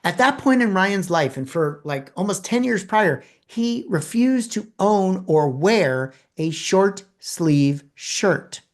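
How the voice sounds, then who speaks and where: A man presenting a talk, telling a personal story with dramatic pauses and acted-out dialogue. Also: sits high, lively intonation.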